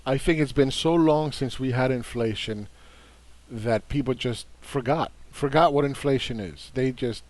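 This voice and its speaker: A man's voice: medium pitch, unhurried, dry recording. A man giving a combative, casual market commentary, dismissing opposing views and repeating words for emphasis. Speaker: investing commentator.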